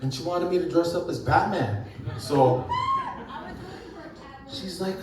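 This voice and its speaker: A man's voice: a little high, measured pace, pauses often, crowd noise. A man doing a crude, rambling stand-up set, often laughing at his own jokes. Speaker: stand-up comedian. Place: comedy club stage. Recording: echoey club from far off, audience noise.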